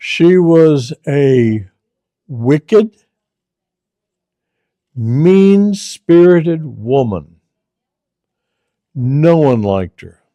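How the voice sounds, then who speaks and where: Slow, deliberate male storyteller. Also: on the high side, expressive, dark tone, no room sound, highs cut off. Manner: slow, deliberate, repeats phrases for emphasis. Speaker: storyteller host. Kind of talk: casual spoken storytelling.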